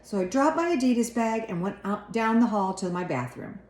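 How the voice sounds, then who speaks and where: A woman reads a children's storybook aloud with expressive narration, her voice in a middle range. The recording has an echoey room around it. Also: medium pitch, fairly quick.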